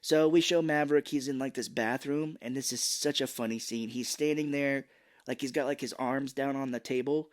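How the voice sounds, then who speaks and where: A man's voice: mid-range voice, fairly even intonation, moderate pace. A man co-hosting a podcast, recapping a film in casual chat and jumping into playful impressions of its characters. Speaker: podcast co-host.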